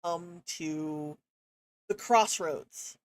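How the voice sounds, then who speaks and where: A woman's voice: fairly low pitch, very slow, no room sound. Woman, game master, tabletop game, casual, filler-heavy, dry close sound. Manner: casual, with many fillers and laughs.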